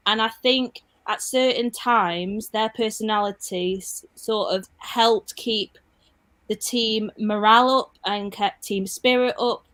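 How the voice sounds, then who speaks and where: A woman's voice: mid-range voice, a bit bright, no room sound. Chatty woman football fan. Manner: chatty, lots of fillers and restarts. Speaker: Leeds fan guest. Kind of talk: casual chat.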